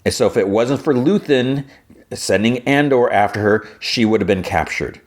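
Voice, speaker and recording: A man's voice: fairly low pitch, normal speed. A man hosting a podcast, rambling casually through a recap with lots of "he's like" and restarts. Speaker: podcast host.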